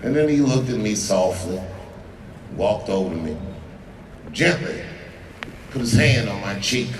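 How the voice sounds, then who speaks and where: A man in his forties doing profane, conversational stand-up storytelling with dramatic pauses, on stage in a large outdoor amphitheater. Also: fairly low pitch, animated, a little hiss or hum. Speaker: stand-up comedian. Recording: distant, echoing amphitheater sound with crowd.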